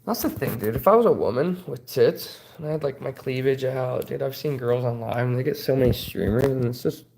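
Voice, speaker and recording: Hosting a laid-back livestream, a man who seems to be in his thirties reads chat out loud and trades crude, joking banter with his audience. He speaks a little fast, at medium pitch, with vocal fry and a darkish tone.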